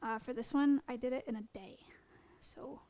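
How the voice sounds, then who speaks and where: A woman wildlife educator talking fast, with many fillers, in a casual live-stream presentation. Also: sits high, steady tone, dark tone, a little hiss or hum.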